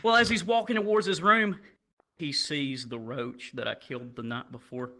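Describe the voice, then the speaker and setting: A young man tells a crude stand-up story with a bright, forceful voice that sits a little high. He gets animated and breaks into loud shouts at times. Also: normal speed. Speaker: stand-up comedian.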